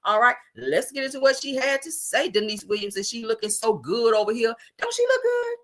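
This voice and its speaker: Woman, gossip host, sassy, animated, bright voice. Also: fairly high pitch, fairly quick. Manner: sassy, animated, says "honey" and "child" a lot. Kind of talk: casual gossip commentary.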